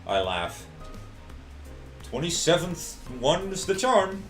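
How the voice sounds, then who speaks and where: A man's voice: high voice, very animated, slow, reverberant, soft background music. A man streaming live, reading a visual novel aloud in a dry, wry first-person voice.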